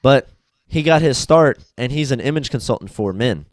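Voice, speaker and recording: A young man talking on a casual podcast. He tells stories with energy and acts out what people said in quick voices. His delivery is loose and profane, and his voice sits in a middle range with a dry, close, unroomy sound. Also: medium pitch, no echo. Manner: animated storyteller, acts out quotes in voices. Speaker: podcast host.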